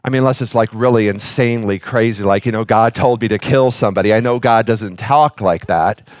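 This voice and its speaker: A man's voice: lowish voice, fairly quick, dry recording. A middle-aged man preaching a sermon as pastor, telling a personal story with fillers and restarts.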